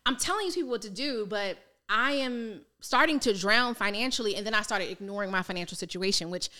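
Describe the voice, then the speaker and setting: A woman's voice: mid-range voice, brisk. A woman from Maryland, a financial coach, telling her story in a candid, casual way with slang, acting out what people said. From Maryland, United States. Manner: animated, slangy, acts out quoted voices.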